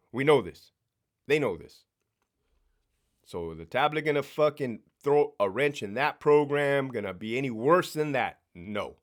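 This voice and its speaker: A man's voice: fairly high pitch, a bit bright. A man, a former prison sergeant, ranting bluntly and profanely in a casual vlog, often repeating and restarting words.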